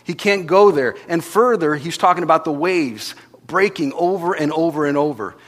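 Male pastor, higher-pitched, animated sermon storyteller, long hall reverb. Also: normal speed. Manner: animated storytelling, swinging from hushed to loud, acting out voices. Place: church hall.

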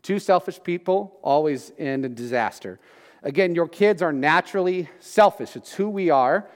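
A man's voice: fairly high pitch, expressive, normal speed, big-room sound. A man in his thirties preaching a sermon in a conversational, joking way, often asking his listeners questions. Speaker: pastor.

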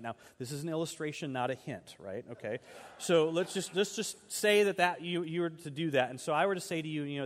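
A pastor giving a sermon in a conversational way, reading scripture aloud with strong emphasis. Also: male voice, fairly high pitch, animated, a little fast, in a large hall.

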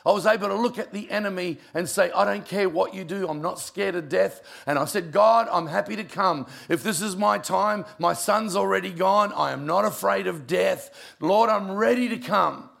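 An older man, a pastor telling personal stories in a sermon, emotional and conversational, with a gravelly voice. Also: sits high, normal speed, hardly any pauses, fairly bright tone. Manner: emotional, conversational storytelling with asides. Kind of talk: sermon storytelling.

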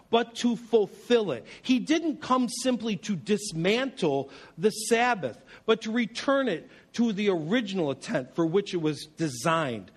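A man preaching a sermon as pastor, animated and humorous, telling stories and asking rhetorical questions. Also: high voice.

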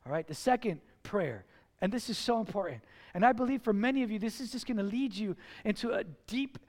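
A male pastor delivers a sermon in an unusually high voice. He preaches with energy, acts out little conversations and leans hard on the phrases he wants to land. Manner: animated preaching, slows and stresses key phrases, acts out dialogue. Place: church.

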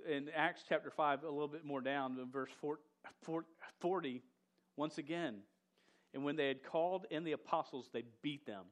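A man preaching a casual, emphatic sermon who often stumbles and restarts words and drops slang like "dude". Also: fairly high pitch.

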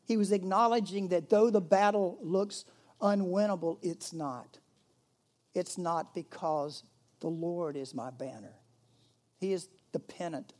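A man preaching a sermon as pastor, conversational, swinging between emphatic rises and hushed, quiet moments. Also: high-pitched, a little slow.

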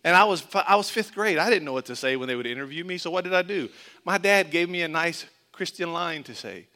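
A middle-aged man from Florida preaching in a loose, conversational way, slipping jokes in between scripture. His voice sits a little high and rings bright and clear, easy to follow as he tells a story from his boyhood. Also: lively intonation, fast. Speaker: pastor. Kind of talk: sermon with personal story.

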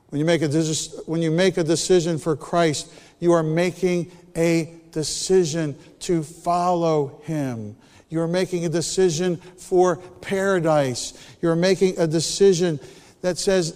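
A man preaching a sermon, telling a story with animated energy and then dropping to a hushed, near-whispered delivery. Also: a little high, measured pace, long reverb tail.

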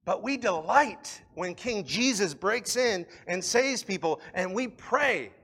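A man preaching a sermon with a fairly high voice. His delivery is impassioned and swings from loud, urgent appeals to hushed, quiet stretches. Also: lively intonation, slow pace. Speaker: pastor.

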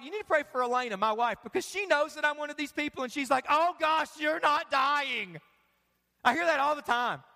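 A male pastor preaching a sermon, animated and humorous, swinging between loud bursts and hushed lines. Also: extremely high pitch. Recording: long hall reverb.

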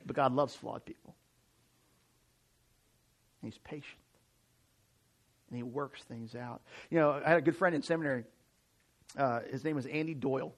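A man in his forties from the United States, preaching a sermon to a church audience in a conversational, animated way, often restarting his sentences. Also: mid-range voice, normal speed, pauses often. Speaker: pastor.

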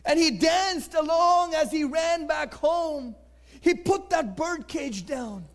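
A man tells a moral story in a very high voice, unhurried and deliberate. He shifts freely from loud, emphatic lines to hushed near-whispers. His delivery is expressive and dramatic throughout.

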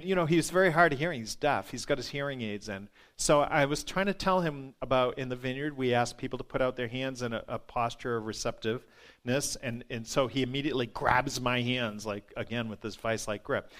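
A man who works as a nurse tells a personal testimony in an animated way, laughing often and repeating words. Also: mid-range voice, fairly quick. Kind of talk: storytelling testimony.

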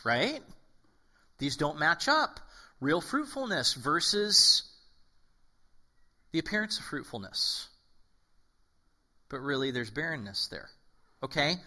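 A male pastor giving a casual, conversational sermon, acting out quotes and often checking in with "okay?". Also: high-pitched. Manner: animated, acts out quoted voices, frequent "okay?".

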